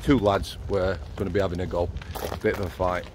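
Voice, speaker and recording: Middle-aged yorkshire bloke, low voice, blunt matter-of-fact storyteller, out walking at night, a bit of background hiss. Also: male voice, little pitch movement, brisk, a little mellow. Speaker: former prison officer, channel host. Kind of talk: casual storytelling on a night walk. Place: outdoors at night.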